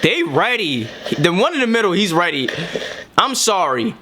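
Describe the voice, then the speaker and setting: A man's voice: high-pitched, normal speed, noisy background. A man from New York hosting, giving casual, slangy, joking commentary as he reacts to a video. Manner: slangy, joking, animated asides.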